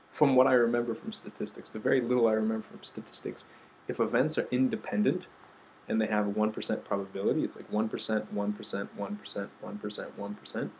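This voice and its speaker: Earnest low-voiced man telling a story. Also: slight background noise, poor audio. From United States. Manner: earnest, quoting others with shifts of voice, trailing off softly. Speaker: speaker telling a personal story. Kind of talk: personal storytelling talk.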